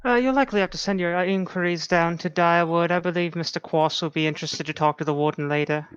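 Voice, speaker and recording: Quick, smooth-voiced male player. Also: fairly high pitch, steady tone, fairly bright tone, no echo, muffled recording. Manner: quick, smooth, formal in character. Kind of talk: playing a character in a tabletop game.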